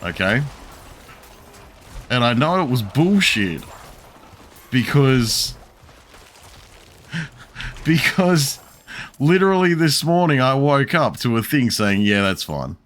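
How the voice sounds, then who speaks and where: A man's voice: mid-range voice, expressive, slow, pauses often. A young man streaming a game, telling a long, profane story in a rambling, chuckling way. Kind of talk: casual chat while gaming.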